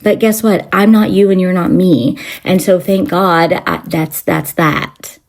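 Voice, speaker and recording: A woman's voice: lowish voice, steady tone, unhurried. A woman hosting a spiritual channel, ranting in a rambling, profane way with constant fillers and restarts. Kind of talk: unscripted spiritual rant to camera.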